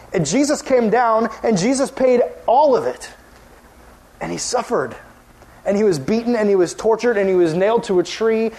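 A young man preaching to a youth group in an earnest way, rising when he stresses a point and dropping low and soft when he appeals. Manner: earnest, rises in pitch when emphatic, drops soft on appeals. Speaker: youth pastor.

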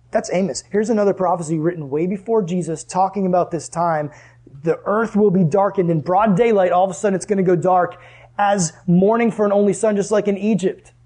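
A man with a high, husky voice delivers a sermon conversationally, putting questions to the room. For emphasis, he drops into hushed tones.

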